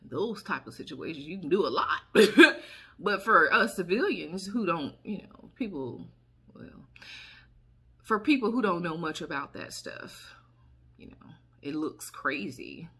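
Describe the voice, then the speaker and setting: A woman, chatting casually to camera as a vlogger, sassy and quick to laugh and exclaim. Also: fairly low pitch, big pitch swings, a bit bright, breathy edge. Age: 30s.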